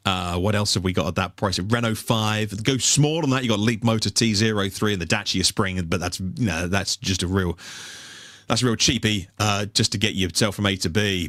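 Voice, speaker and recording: Chatting casually as a podcast co-host, a low-voiced man sounds a bit bright. He rambles with many fillers and restarts, captured in a dry recording with clean studio sound.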